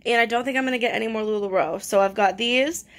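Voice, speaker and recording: A chatty young woman with a fairly high voice talks through her items one by one at home. Her casual vlog delivery is easygoing and full of fillers. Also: quick pace, a bit bright. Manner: chatty, filler-heavy item descriptions. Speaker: online reseller. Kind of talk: casual live-sale vlog.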